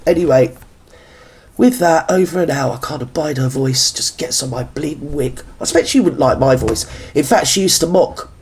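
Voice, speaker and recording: Guy, blunt reaction-video host, fired-up opinionated ranting, slightly high voice. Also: normal speed. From Britain. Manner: earthy working-class slang.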